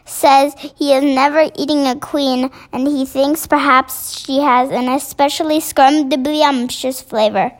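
A woman reading the part of a big, gentle male giant who mangles his grammar, in a storybook reading. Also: high voice, fairly even intonation, unhurried, few pauses. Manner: odd made-up words, broken grammar.

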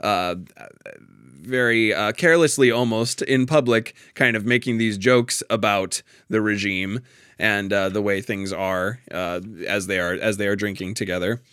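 A man's voice: lowish voice, a little slow, fairly bright tone, clear, resonant tone, no echo, clean studio sound. A man in a casual, thoughtful discussion of a play, often restarting his sentences and laughing lightly.

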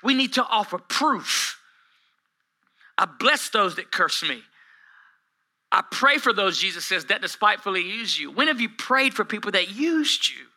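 A man in his forties preaches to a live congregation, his voice pitched high and very bright, almost sharp. He moves from hushed asides to shouted peaks and tells self-deprecating stories with a joking edge. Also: big pitch swings, measured pace, poor audio. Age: 40s. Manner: humorous, self-deprecating storytelling. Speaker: pastor. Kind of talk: sermon. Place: church hall with a live congregation.

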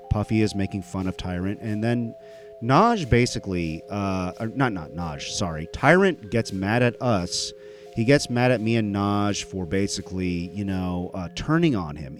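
A man's voice: lowish voice, darkish tone. A man hosting a podcast, talking casually in a rambling way with many fillers and restarts. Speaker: podcast host. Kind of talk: casual solo podcast intro.

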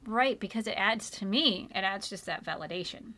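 A woman's voice: medium pitch, pushed and bright. Earnest middle-aged woman podcast host. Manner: earnest, emotional, slows down for emphasis. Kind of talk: faith podcast conversation.

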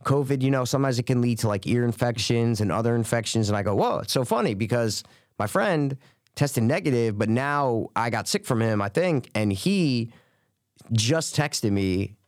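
Male co-host, casual chat, medium pitch, dry close sound, animated and swearing. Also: moderate pace, no echo. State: recovering from covid. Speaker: podcast co-host.

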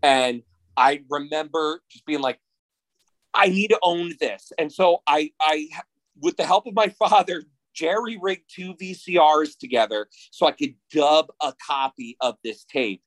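Excitable, cursing man in his thirties. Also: a little high, measured pace, rough recording. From New Jersey. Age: 30s. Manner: excitable, profane storytelling. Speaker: podcast guest, filmmaker. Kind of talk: casual chat.

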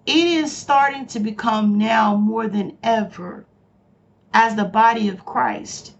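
A woman preaching on her own podcast in a slow, deliberate delivery with a gravelly edge to her voice. She is passionate and emphatic and drives home key lines by repeating them. The recording sounds somewhat dull and lo-fi. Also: fairly high pitch. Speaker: pastor and podcast host.

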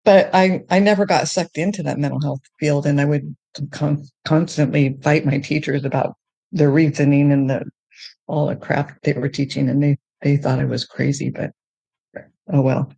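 A woman telling her faith testimony in a podcast conversation, earnest and emotional, often halting and restarting. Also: sits low, fairly even intonation, gravelly, warm tone, breathy edge, dry recording. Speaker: guest sharing her testimony.

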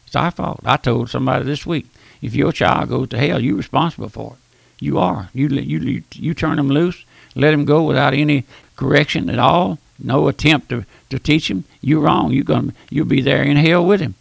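An older preacher delivers a boisterous radio sermon in a very gravelly, husky voice. He repeats himself in a folksy way. The sound is dry and close. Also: on the high side, moderate pace, no room sound.

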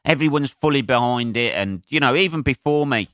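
A comedian rambles through his solo podcast, swearing freely and filling gaps with ums. His voice is bright and sharp, smooth and clear, and it sits close to the mic with a dry sound. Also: medium pitch, expressive, fairly quick, no echo. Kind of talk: casual solo podcast monologue.

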